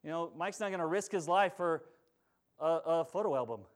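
A male pastor in full sermon, his fairly high voice rising to forceful urgency before dropping to quiet earnestness. He keeps pulling the congregation in with calls for a response. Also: moderate pace. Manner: passionate preaching, swings from loud urgency to quiet earnest tones.

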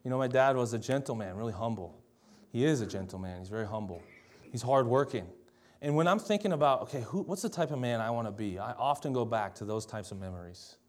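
A young man from Minnesota giving a sermon, telling a childhood story in a relaxed, conversational way and often asking "right?". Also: medium pitch, fast talker. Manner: conversational storytelling, tag questions and laughter. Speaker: pastor.

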